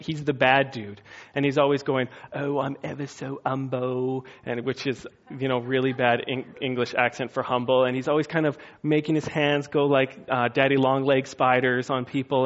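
A man's voice: medium pitch, a bit bright, highs cut off. A man preaching a sermon in a casual, conversational way, now and then acting out quotes in funny voices. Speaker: pastor.

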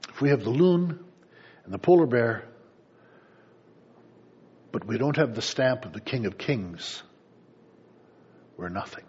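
Husky-voiced pastor preaching, lively pitch. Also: male voice, measured pace, long pauses, highs cut off. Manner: conversational, playful asides to congregation. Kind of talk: sermon.

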